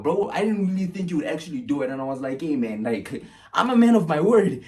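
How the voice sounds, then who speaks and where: Animated young man telling a story. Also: a little fast. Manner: animated, swings from loud bursts to low mutters. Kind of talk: casual storytime vlog.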